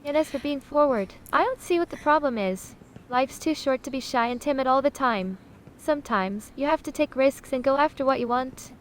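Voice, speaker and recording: A woman's voice: sits high, lively intonation, normal speed, a little hiss or hum. A woman voicing a haughty AI sausage. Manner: haughty, dramatic, condescending, says honey a lot. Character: sassy self-important female AI chatbot sausage.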